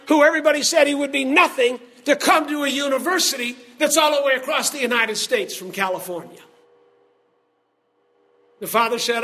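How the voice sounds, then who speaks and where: A man preaching a sermon, telling a story emphatically and rising to shouted exhortation. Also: very high-pitched.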